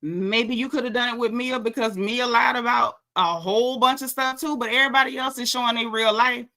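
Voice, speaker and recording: A woman with a bright, forceful voice pitched slightly high delivers a casual reality TV recap. She gossips in a sassy, slangy way and calls out the cast as she talks. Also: steady tone, brisk.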